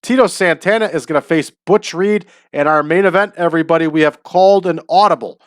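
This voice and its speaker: A man hosts a casual let's-play of a wrestling booking game, upbeat and chatty, frequently breaking into laughter. His voice is fairly high and brisk, recorded at studio quality with no echo.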